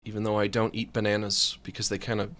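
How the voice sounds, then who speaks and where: A man's voice: on the low side, monotone, quick pace, fairly bright tone. A man streaming a game, rambling and joking, with panicky yelps when chased. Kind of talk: let's play commentary.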